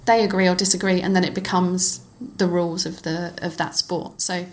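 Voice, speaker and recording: A middle-aged woman, a former cyclocross racer, chatting as an interview guest and telling lively stories with frequent laughter. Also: fairly low pitch, moderate pace. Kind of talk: casual conversational storytelling.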